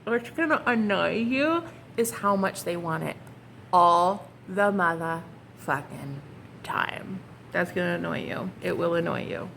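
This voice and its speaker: A young woman doing a casual tarot reading, excitable and flustered, swearing casually and calling her viewers honey and girl. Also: on the low side, a little slow, gravelly, slight background noise. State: flustered and hot. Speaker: tarot reader.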